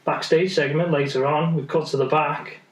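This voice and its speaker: A man's voice: on the high side, fairly even intonation, moderate pace. A man co-hosting a wrestling podcast, telling stories with lots of laughter in casual chat. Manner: laughing storyteller. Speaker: podcast co-host. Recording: echoey room.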